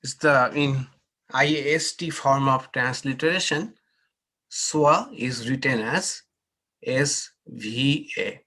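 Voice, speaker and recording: A man teaching a scripture class as a swami, leading slow chants and explaining pronunciation in an online session. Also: medium pitch, pushed and bright. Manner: slow measured chanting with repetitions. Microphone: online class, unmuting participants.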